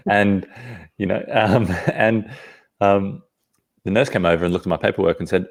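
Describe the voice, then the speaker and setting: Aussie guy with a really low voice, earnest, keeps restarting sentences, telling his story on a podcast. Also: gravelly. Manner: earnest, halting, restarts phrases often. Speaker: podcast guest. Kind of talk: personal storytelling in conversation.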